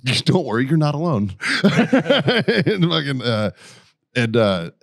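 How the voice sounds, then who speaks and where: A man's voice: mid-range voice, big pitch swings, takes it slowly, vocal fry, no echo, clean studio sound. A man co-hosting a podcast who tells joking, profane stories in casual chat. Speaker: podcast co-host.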